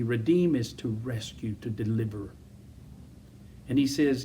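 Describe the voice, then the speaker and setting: A man's voice: medium pitch, lively intonation, measured pace, dark tone, distant mic, slight background noise. Emphatic male pastor preaching from afar. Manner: emphatic, repetitive, rhetorical questions. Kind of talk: sermon.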